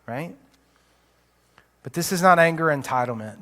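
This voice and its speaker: A man's voice: mid-range voice, moderate pace, pauses often, a bit bright. A man preaching a sermon as pastor, earnest and confessional, often restarting his sentences. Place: church sanctuary. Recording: long hall reverb.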